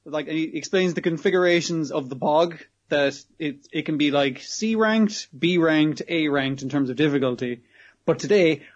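A man's voice: fairly high pitch, normal speed. A man casually recapping an episode, rambling and swearing freely, in a muffled lo-fi recording. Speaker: podcast co-host.

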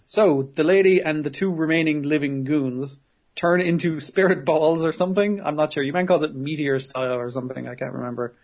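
A man in casual podcast chat, his voice sitting a little higher than most men's. He laughs a lot and swears easily as he recaps. He keeps it loose and conversational. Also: a little mellow. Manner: laughs often, swears casually, acts out characters in quick voices. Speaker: podcast co-host.

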